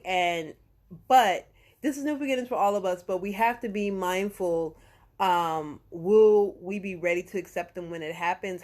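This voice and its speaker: A woman's voice: fairly low pitch, a little mellow. Woman, tarot reader, live stream astrology chat, slangy, chatty, checks in with listeners. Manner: chatty, checks in with "okay?" and "right?"; slangy, swears, corrects herself.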